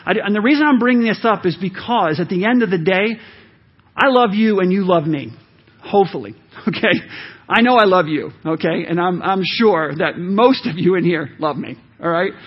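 A man's voice: high-pitched, lively intonation, normal speed, slightly rough. A man preaching a sermon to his congregation, with a conversational, emphatic delivery and frequent asides to the listeners. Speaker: pastor. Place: church sanctuary. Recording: dull lo-fi sermon audio.

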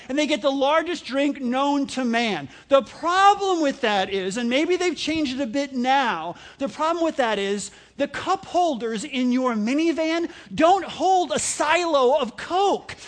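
A man's voice: extremely high pitch, animated, unhurried, hardly any pauses. A middle-aged man, a pastor, telling a humorous sermon story with laughter and mimicked voices.

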